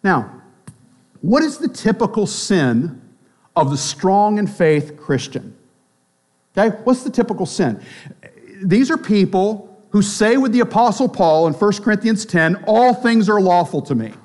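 A man with a high, bright-pitched voice preaching a sermon in a casual, talky way. He keeps checking in with his listeners and slips into the voices of the people he quotes. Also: sing-song, unhurried. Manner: conversational preaching with frequent tag questions; acts out quoted voices of both sides. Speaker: pastor.

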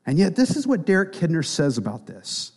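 A man delivering a sermon in a somewhat high voice. He drops to hushed, almost whispered lines, then builds to loud, emphatic passages. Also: huge pitch swings, a little fast, breathy edge. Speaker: preacher.

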